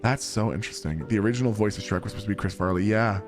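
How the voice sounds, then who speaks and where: A man's voice: on the low side, racing. A young man streaming a game and chatting casually with viewers, laid-back, swearing and laughing a lot. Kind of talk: casual chat while gaming. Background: game music.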